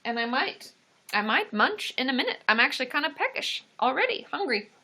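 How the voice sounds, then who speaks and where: Excitable woman host, bright higher voice, casual live-stream chat, gushing. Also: a little fast. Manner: gushing, excitable, lots of gasps and exclamations. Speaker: therapist hosting a livestream.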